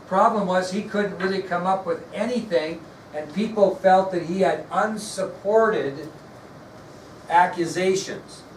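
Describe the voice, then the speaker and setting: A man giving a history lecture to his class, blunt and folksy, often putting questions to the students. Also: high-pitched. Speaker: history teacher. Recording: echoey classroom from far off with noise.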